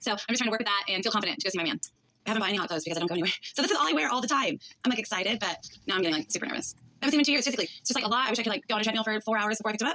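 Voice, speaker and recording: A woman in a reality-show confessional interview, talking in an excitable, chatty way full of "like". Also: a little high. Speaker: reality show cast member. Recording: background music under voice.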